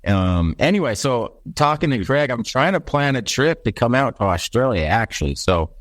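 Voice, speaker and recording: A man's voice: mid-range voice, big pitch swings, normal speed, no echo, clean studio sound. Casual young American guy. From United States. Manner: friendly, casual, says dude and like a lot. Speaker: podcast guest. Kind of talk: casual interview chat.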